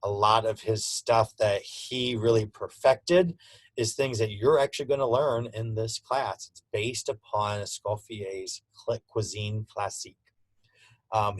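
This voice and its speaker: Low-voiced man giving a culinary lecture. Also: no echo, poor audio. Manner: casual, conversational teaching with frequent fillers. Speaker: culinary instructor. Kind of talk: classroom lecture.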